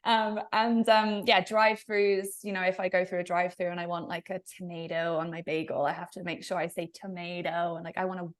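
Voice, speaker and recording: A young woman with an English accent, a podcast guest telling animated stories in a casual interview and laughing often. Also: fairly low pitch, fairly quick, hardly any pauses. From England.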